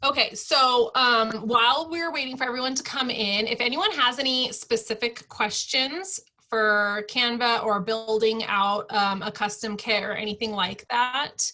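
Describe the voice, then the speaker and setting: Woman, host, bright tone, chatty, upbeat, casual tutorial, video call. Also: on the high side. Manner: chatty and upbeat, with quick asides. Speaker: host of a team training call. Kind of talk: casual online tutorial chat.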